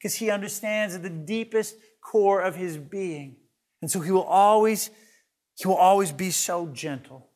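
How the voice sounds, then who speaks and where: Male pastor with a high voice, earnest sermon delivery that restarts words and drops to a hush. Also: measured pace. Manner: earnest, repeats words as he builds each point; swings between loud emphasis and soft hushed lines.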